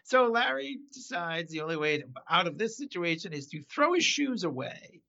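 A man rambling through an animated, laugh-filled retelling in casual chat. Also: high-pitched, moderate pace, creaky. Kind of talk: casual chat recapping an episode. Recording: slightly dull lo-fi sound.

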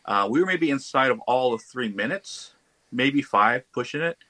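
A man, a podcast guest, telling a ghost story in a casual, animated way. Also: mid-range voice, normal speed, dry recording, rough recording. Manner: animated, acts out quoted voices.

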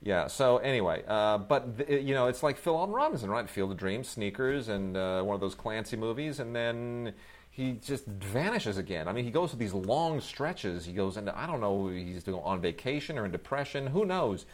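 A middle-aged man chatting about movies on a review show, his voice sitting fairly low. He rambles, restarts his sentences and fills gaps with ums, then flares up in animated outbursts. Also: normal speed. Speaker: film reviewer, co-host. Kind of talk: casual film review chat.

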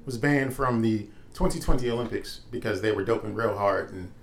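A man in casual chat, telling stories in an animated way with profane slang. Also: fairly low pitch, a little fast, creaky.

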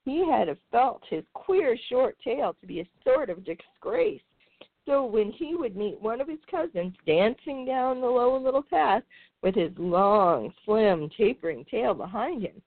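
A woman host reading a children's storybook aloud in an expressive, lilting way. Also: a little high, no echo. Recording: tinny phone-like sound.

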